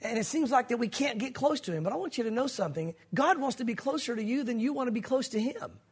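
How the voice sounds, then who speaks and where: A fast-talking male pastor preaches in a husky, slightly breathy voice that sits fairly high for a man. His delivery is earnest and conversational, full of asides to his listeners. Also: lively intonation. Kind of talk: sermon.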